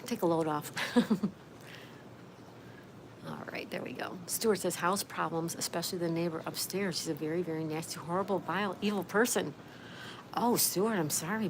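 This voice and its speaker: A woman with a fairly low voice hosts a relaxed livestream from outside, reading comments aloud and answering each viewer by name. Her tone stays easy and friendly. Clear background noise from the outdoors runs under her voice. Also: moderate pace, pauses often. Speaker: livestream host. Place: outdoors, with a view.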